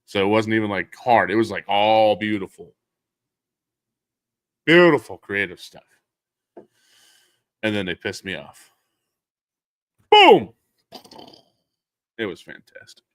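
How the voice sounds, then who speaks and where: Man, podcast host, low voice, casual joking chat, frequent laughter, cursing, dry sound. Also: unhurried, long pauses, no room sound. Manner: loose, joking, laughs often, swears freely; loud bursts and laughter inside relaxed talk.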